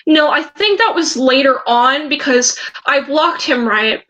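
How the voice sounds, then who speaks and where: A woman's voice: sits high, animated, a little slow, bright, forceful tone, dull audio. A young woman hosting a casual livestream chat, hesitant and repeating herself while she hunts for screenshots. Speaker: livestream host.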